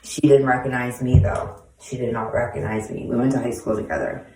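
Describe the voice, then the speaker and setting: A woman's voice: rumbling low, fairly even intonation, fairly quick, a little mellow, a little hiss or hum. A woman in her forties telling stories from her own life in a casual monologue, speaking bluntly with heavy profanity and street slang. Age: 40s. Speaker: host answering viewer questions. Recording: echoey room, voice far from mic.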